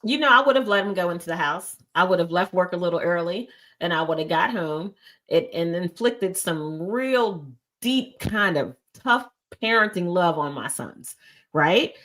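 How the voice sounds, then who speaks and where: A woman panelist giving her opinion in a measured, storytelling way. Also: fairly low pitch, animated, fairly bright tone. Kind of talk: casual panel talk.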